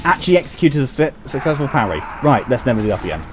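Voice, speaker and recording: A man's voice: medium pitch, sing-song, very fast, noisy background. Chatty man streaming a game. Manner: self-mocking, chatty, laughs at own mistakes. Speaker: gaming streamer. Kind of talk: casual gameplay commentary.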